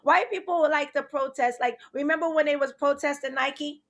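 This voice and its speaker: A woman with a New Orleans accent hosting a comedy show, animated and laughing through her jokes. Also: high-pitched, normal speed. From New Orleans, Louisiana.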